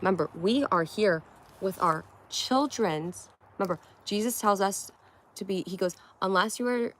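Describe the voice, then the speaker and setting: A tired young host from Connecticut, USA chats playfully on a casual livestream, answering viewer comments one at a time. She speaks at normal speed in a medium, slightly bright voice, with slight background noise.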